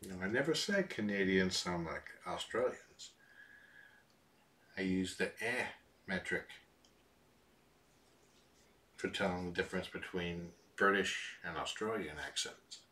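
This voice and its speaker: A man with a low, bright-edged voice chats casually with viewers at home. He sounds relaxed, with dry little asides. The mic sits a little away from him. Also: unhurried, far from the mic. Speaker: live stream host. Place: home room with cats.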